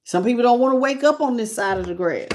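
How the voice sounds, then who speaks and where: A woman's voice: on the high side, lively intonation, fast, darkish tone, slight background noise. Woman, spiritual channel host; earnest, loose conversational delivery. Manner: earnest and intimate, with loose casual phrasing. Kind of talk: casual livestream talk to viewers.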